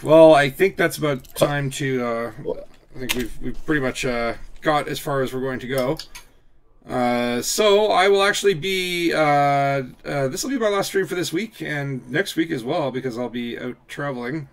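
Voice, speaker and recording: A man's voice: fairly high pitch, normal speed. A man hosting a game live stream, chatting casually and rambling with many restarts. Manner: rambling, full of fillers and restarts, laughs easily.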